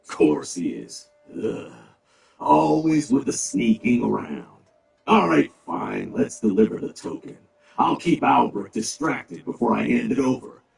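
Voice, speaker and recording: A man's voice: medium pitch, big pitch swings, unhurried, exaggerated voice. An actor playing a big, blunt male orc who grumbles and talks with dry sarcasm. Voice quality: gravelly. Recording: roomy, distant, game music behind.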